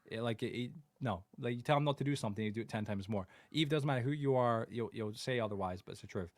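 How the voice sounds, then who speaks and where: A man's voice: medium pitch, fast talker, no room sound. A young man co-hosting a podcast, telling family stories in casual chat and swearing constantly. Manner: swears constantly, animated storytelling. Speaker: podcast co-host.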